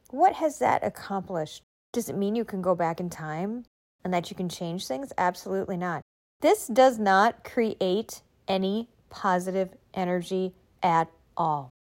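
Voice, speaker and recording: Emphatic, encouraging woman giving a pep talk. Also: mid-range voice. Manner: emphatic, encouraging, with rhetorical questions. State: recovering from illness. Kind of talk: motivational talk.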